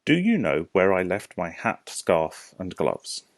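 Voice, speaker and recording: A man with a British accent, a primary school teacher giving a recorded lesson to young children, explaining slowly and patiently with questions to the class. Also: low voice, very animated, dry recording. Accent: British English. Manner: slow, clear, patient explaining with rhetorical questions.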